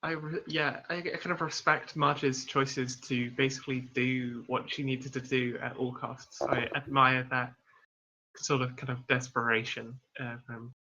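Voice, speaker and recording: A man's voice: mid-range voice, little pitch movement, unhurried, sharp tone, dull audio. A man playing in a tabletop game, talking casually and hedging his words hesitantly. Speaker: player. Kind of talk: casual out-of-character chat.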